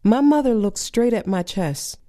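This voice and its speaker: A woman's voice: on the high side, animated, measured pace, warm tone. Sardonic woman performing spoken word. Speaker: poet.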